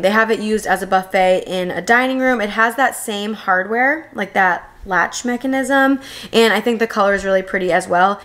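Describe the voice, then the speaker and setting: A woman's voice: mid-range voice, a bit bright. A young woman vlogger gushing over home decor pieces in a voice-over review, enthusiastic and chatty. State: new mother.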